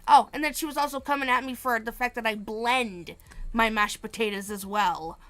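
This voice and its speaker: Woman, streamer, slightly high voice, gravelly, animated casual chat. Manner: animated, swears freely, ranting with laughs. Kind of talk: casual chat while gaming.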